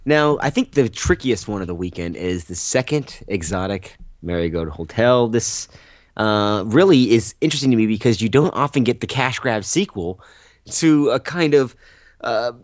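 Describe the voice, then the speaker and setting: A man's voice: fairly low pitch, expressive, moderate pace, dry recording, clean studio sound. A man co-hosting a movie podcast, rambling and joking with sarcastic asides. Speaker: podcast co-host. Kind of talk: casual movie podcast chat.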